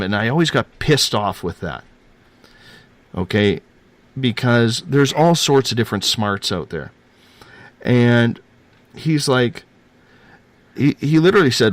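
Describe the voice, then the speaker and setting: A man's voice: mid-range voice, animated, slow, long pauses, dry recording. A man telling a personal paranormal story in a rambling, earnest way, repeating himself and using casual slang.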